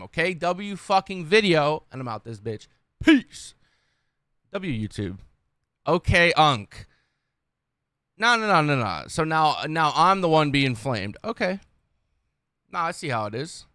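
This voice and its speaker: A young man streaming, reacting casually to videos in a slangy, excitable, swearing way. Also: fairly high pitch, smooth, no room sound.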